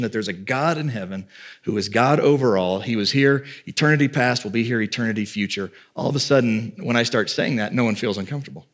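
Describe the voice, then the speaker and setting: A man preaching a sermon as pastor, talking plainly to his congregation and dropping quick, joking asides. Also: medium pitch.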